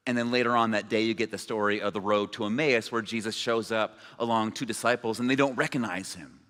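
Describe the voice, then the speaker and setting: A man's voice: on the low side, fairly even intonation, a little fast, a bit bright. Casual preaching man in a reverberant hall. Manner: conversational, informal preaching with asides. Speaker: pastor. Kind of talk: sermon. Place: church sanctuary. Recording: long reverb of a large hall.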